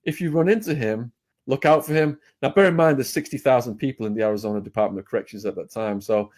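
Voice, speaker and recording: English guy on a podcast, blunt storyteller, lots of ums and restarts, middle pitch. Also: quick pace, a little mellow. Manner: blunt, plain-spoken, with fillers and restarts. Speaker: podcast guest. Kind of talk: casual storytelling.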